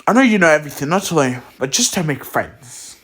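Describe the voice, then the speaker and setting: A man loosely voicing an excitable, bitter male scientist while retelling a story, with fillers. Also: a little high, a little fast. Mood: earnest.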